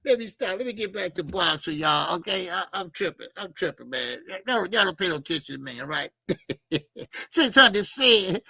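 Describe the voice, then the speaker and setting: High, gravelly man chatting to viewers. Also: lively intonation, moderate pace, sharp tone, no room sound. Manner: loose, laughing, rambling with asides to viewers. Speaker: boxing channel host. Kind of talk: casual livestream commentary.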